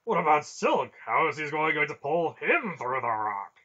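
A man voicing a blunt, loud young male fighter who is quick to protest, on a dull lo-fi recording. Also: mid-range voice, steady tone. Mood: blunt, incredulous. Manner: loud, incredulous.

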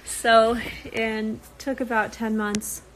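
A young woman in relaxed, rambling chat with her viewers, stopping often on ums. She sounds a little tired and speaks slowly in a fairly high voice. There is a faint hiss behind her. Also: poor audio. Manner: chatty, loose, with frequent ums and laughs. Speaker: reality show cast member talking to viewers.

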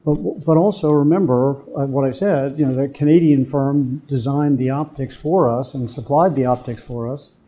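An older man giving a guest lecture to students, telling business stories from his career and pausing to quiz the audience. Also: medium pitch, warm tone, breathy edge. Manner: anecdotal, quizzes the audience. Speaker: guest speaker, business executive. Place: university lecture room.

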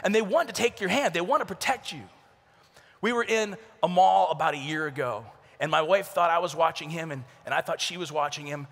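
High bright-voiced guy telling funny stories to a youth crowd, gravelly edge, big echoey arena. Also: brisk. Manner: animated storytelling, acts out voices with shouts and whispers. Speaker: youth conference speaker. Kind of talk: humorous youth talk. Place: large conference arena. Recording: large hall with long reverb.

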